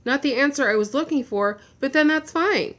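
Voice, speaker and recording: Frustrated woman vlogger, blunt and venting, slightly high voice. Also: moderate pace, a bit bright. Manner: blunt, swears. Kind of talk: personal video update.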